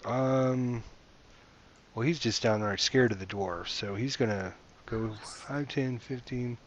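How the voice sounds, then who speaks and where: A male game master narrates a tabletop game over voice chat, unhurried and meandering. He fills gaps with hesitations as he describes the scene, and the audio sounds somewhat dull and lo-fi. His pitch sits in an ordinary middle range. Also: noisy background. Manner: hesitant, meandering with many fillers.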